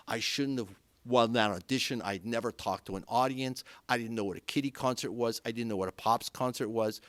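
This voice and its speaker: A middle-aged man from Canada, a conductor guest telling anecdotes in an animated way and acting out the voices of people he quotes. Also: on the low side, no echo. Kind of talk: anecdotal storytelling. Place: podcast studio.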